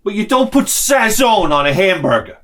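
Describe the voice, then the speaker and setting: A middle-aged man riffs in a casual comedic monologue, ranting with real animation and acting out bits in other voices. His voice sits a little higher than most men's. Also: big pitch swings, moderate pace, fairly bright tone. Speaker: vlogger.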